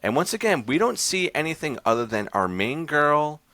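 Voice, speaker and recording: A man's voice: fairly high pitch, very animated, moderate pace, bright, forceful tone, no room sound. A man hosting a podcast, casually recapping a horror short film in a rambling, loose way full of fillers. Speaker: podcast host reviewing horror short films.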